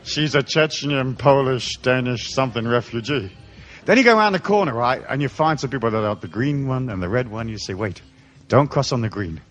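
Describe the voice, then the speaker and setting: Lively, irreverent male seminar speaker. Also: medium pitch, fairly quick, slight background noise. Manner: irreverent, swears freely, playful storytelling. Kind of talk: live seminar talk. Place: live seminar before an audience.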